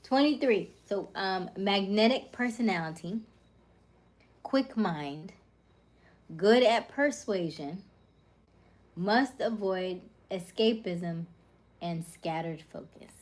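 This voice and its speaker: A woman's voice: medium pitch, lively intonation, takes it slowly, long pauses. A woman hosting a casual livestream, reading viewers' comments and rattling off personality traits in short, upbeat lists. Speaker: livestream host.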